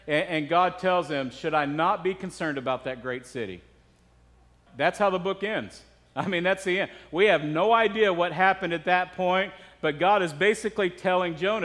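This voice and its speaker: A man's voice: high-pitched, fairly bright tone. A man preaching a sermon as pastor, talking conversationally and putting rhetorical questions to the congregation. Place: church sanctuary. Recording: long reverb of a church hall.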